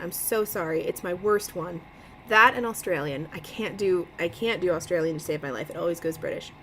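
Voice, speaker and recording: Lively-voiced woman reading aloud. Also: fairly low pitch, slight background noise, rough recording. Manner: chatty, laughs often, breaks off to comment. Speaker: livestream book reader. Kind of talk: casual read-aloud livestream.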